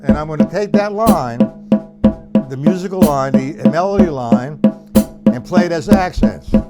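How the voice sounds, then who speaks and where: A man teaching a drum lesson on a live stream, loudly calling out strokes and counts and talking casually to a student in between. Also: a little high, expressive, measured pace, over loud music.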